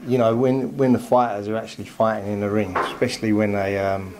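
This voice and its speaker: Entraîneur grave qui radote. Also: male voice, fairly low pitch, level tone, a little fast, noisy background. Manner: rambling, many fillers. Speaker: boxing trainer. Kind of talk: post-fight analysis.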